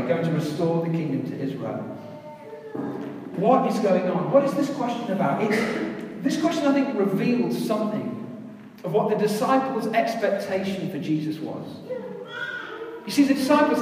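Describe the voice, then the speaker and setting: A woman's voice: medium pitch, far from the mic, background noise. Conversational woman preaching in an echoey hall. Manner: conversational, asks the listeners rhetorical questions. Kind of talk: sermon. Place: large church hall.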